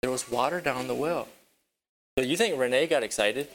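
A man gives a Bible lesson to children at a rural spot with a barn, narrating hesitantly, repeating words and asking the kids questions. His mid-range voice is slightly bright, and the audio quality is poor.

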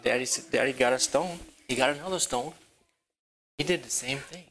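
Halting man telling kids a Bible story. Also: medium pitch, fairly bright tone, rough recording. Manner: halting, repeats words, asks the kids questions. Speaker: children's teacher. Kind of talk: children's Bible lesson. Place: rural property with a barn.

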